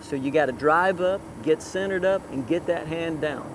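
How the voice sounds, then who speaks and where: Male cutting horse trainer, high voice, barking repeated short cues at a rider outdoors, faint traffic behind. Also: moderate pace. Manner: calls out short repeated commands. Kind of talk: live riding coaching. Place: outdoor riding arena.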